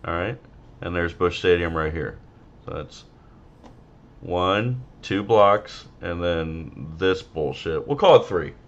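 A man's voice: deep voice, animated, slow pace, highs cut off. A man co-hosting a podcast, telling rambling, profane, joking stories in casual banter. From Missouri. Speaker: podcast co-host.

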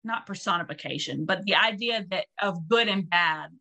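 A woman's voice: on the low side, normal speed, sharp tone. A woman co-hosting a casual podcast chat, joking and candid, swearing freely.

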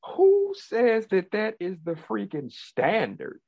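A man's voice: sits high, huge pitch swings, slow pace, vocal fry, darkish tone, no echo. A man co-hosting a podcast in casual chat, rambling and repeating words as he builds his point. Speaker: podcast co-host.

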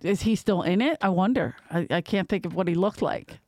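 A woman hosting a casual comedy podcast, chatty and quick to chime in. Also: lowish voice, mellow, no echo, studio quality.

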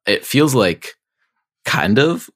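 A man's voice: mid-range voice, very animated, takes it slowly. A young man co-hosting a podcast, talking in casual chat with a hesitant, hedging manner. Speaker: podcast co-host.

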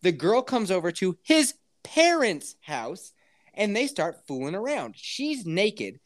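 A man's voice: high-pitched, sing-song, slow pace. A man hosting a podcast, telling a crude story in a casual, laughing way and acting out other people's lines. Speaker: podcast host.

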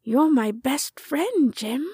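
Woman voicing a gentle old male tractor, soft and plaintive, slow, for a storybook. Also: high voice, very animated, husky, no room sound, heavily acted. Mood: sad.

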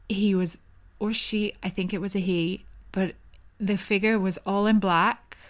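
A young woman vividly retelling a personal story to her viewers, with breathless restarts. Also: mid-range voice.

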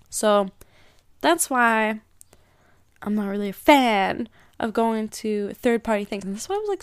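A woman's voice: mid-range voice, dry recording, clean studio sound. A young woman hosting a podcast, talking casually in a rambling way, full of "like" and restarts. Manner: rambling, filler-heavy, frequent "like". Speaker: podcast host. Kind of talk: casual spiritual monologue.

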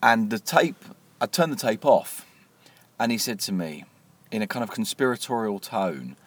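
A man cohosting a casual podcast who tells animated stories and often repeats words as he starts a thought. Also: fairly low pitch, moderate pace. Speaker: podcast co-host and author.

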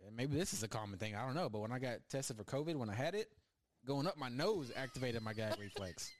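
A man's voice: medium pitch, expressive, quick pace, no echo. A young man hosting a podcast, chatting casually and rambling through funny stories. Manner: joking, rambling storyteller. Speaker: podcast host. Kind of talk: casual chat.

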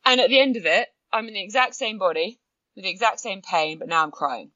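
A woman speaks as a podcast guest, animated and quick to act out her own inner voice. Her tone is bright and forceful. The recording is dry and somewhat dull. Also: mid-range voice, dry recording. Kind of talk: conversational storytelling.

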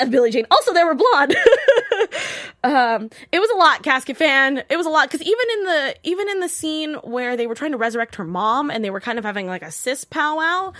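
A woman with a fairly high voice hosts a casual recap of a TV episode, chatting freely and filling her talk with "like." She is animated and keeps slipping into the voices of the characters she describes. The sound is close and dry. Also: fairly quick, few pauses, dry recording. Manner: animated, acts out characters' lines in a swinging voice; chatty, peppered with "like". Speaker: host.

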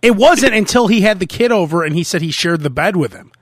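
A male podcast host with a fairly high, very lively voice tells stories in loose, laughing chat. He acts out quotes as he goes. The sound is dry and close to the mic. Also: brisk, no room sound. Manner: animated storyteller, laughs often, acts out quotes. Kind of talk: casual chat.

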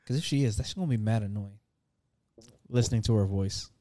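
A man's voice: fairly low pitch, a little fast, dark tone, dry recording. A young man co-hosting a podcast in casual chat, rambling and joking, often repeating himself. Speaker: podcast co-host.

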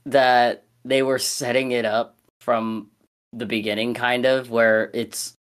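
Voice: mid-range voice, little pitch movement, slow pace, clean tone. A podcast co-host in casual chat, hesitant, laughing often.

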